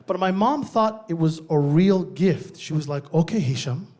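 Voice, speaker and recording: A man performing a stand-up comedy set on stage, telling a story with quick, punchy asides. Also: on the high side, darkish tone.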